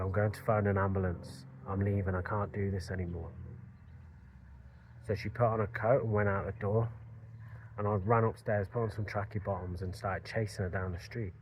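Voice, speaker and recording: A man's voice: fairly low pitch, slight background noise. A man earnestly telling a personal story in a reflective way. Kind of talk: personal story told to camera.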